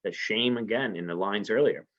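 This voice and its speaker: A man's voice: on the low side, normal speed, fairly bright tone. A man teaching a literature lesson in an informal way, often checking in with his listeners by asking "right?". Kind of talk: recorded literature lecture. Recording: slightly muffled lo-fi recording.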